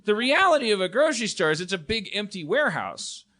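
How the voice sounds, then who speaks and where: A man's voice: high-pitched, sing-song, quick pace, sharp tone. A man hosting a live comedy podcast, riffing in a rambling, profane way with many restarts. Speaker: podcast host.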